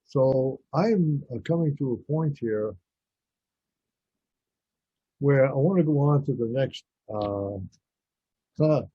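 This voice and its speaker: A man's voice: mid-range voice, slightly rough, dry recording. A man hosting a radio talk show, talking in a rambling, blunt and opinionated monologue. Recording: dull lo-fi radio audio.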